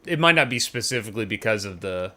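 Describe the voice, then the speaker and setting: A man in his thirties streaming a retro game, talking in a relaxed, rambling way with many fillers. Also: lowish voice, fast talker. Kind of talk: casual game-stream chat. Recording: faint game music behind.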